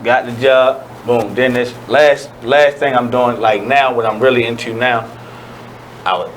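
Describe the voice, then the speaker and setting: A man telling a story during a casual radio talk show, in an animated, conversational way. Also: mid-range voice, a little slow, slight background noise, rough recording.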